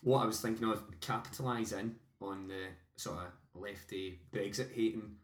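A man's voice: fairly low pitch, fairly even intonation, moderate pace. A young Scottish man co-hosting a casual podcast, with dry, offhand joking. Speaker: podcast co-host. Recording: roomy echo.

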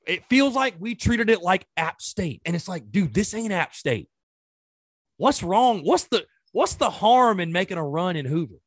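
A man hosts a sports talk show and rants in exasperation, throwing out question after question. His voice sits high and swings widely in pitch as he works himself up. The sound is dry and close, with no room around it. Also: big pitch swings, normal speed, no room sound. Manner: exasperated, ranting with rhetorical questions. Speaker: sports podcast host. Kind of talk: casual sports commentary.

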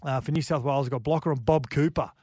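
A man's voice: mid-range voice, fast talker, dark tone, no room sound, clean studio sound. A man with an Australian accent hosting a sports radio show, telling rugby league stories and reading out listener texts. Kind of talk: casual sports radio chat.

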